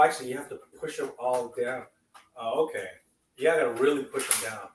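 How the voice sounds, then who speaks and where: A man talking casually to camera during an unboxing, rambling and swearing, with loud bursts of excitement, recorded at home on a camera mic. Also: mid-range voice, brisk, noisy background. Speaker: vlogger. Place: someone else's home. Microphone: external mic on camera.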